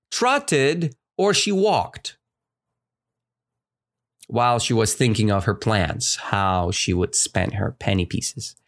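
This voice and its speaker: A woman, reading and explaining a story to learners, with a rising voice when she quotes the characters. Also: rumbling low. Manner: slow, lively, rising voice for quoted lines. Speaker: teacher.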